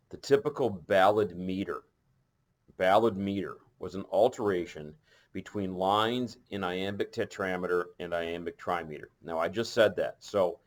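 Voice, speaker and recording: A male teacher giving a recorded lesson, talking in a conversational way, pausing on fillers and correcting himself as he goes. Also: low voice, darkish tone.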